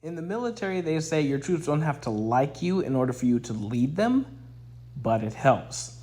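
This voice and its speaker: A young man, an Air Force veteran, casually telling a story in a playful, animated way. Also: normal speed. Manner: animated, playful, pitch jumps up for quoted voices.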